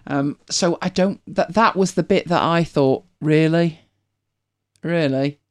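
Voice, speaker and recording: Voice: mid-range voice, normal speed, a bit bright. A host with a British accent, chatting casually and rambling with many restarts. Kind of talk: casual chat.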